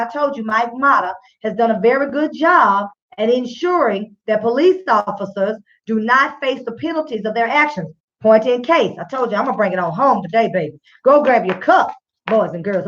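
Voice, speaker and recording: Woman host, fairly high voice, chatty direct-address commentary, slightly muffled recording. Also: fairly bright tone. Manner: conversational, addresses listeners directly as y'all. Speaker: radio show host. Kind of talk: casual spoken commentary. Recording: slightly dull lo-fi sound.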